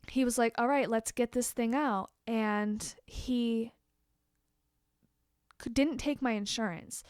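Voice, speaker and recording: Young woman, vlogger, storytime rant, swears freely, bit high voice, dry close sound. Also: clean tone, no echo. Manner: candid and expressive, swears freely, quick asides to viewers.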